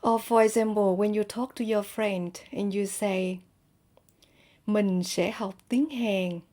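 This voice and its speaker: A woman teaching a language lesson, saying each example phrase twice, slowly and clearly, for learners. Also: medium pitch, fairly even intonation, warm tone.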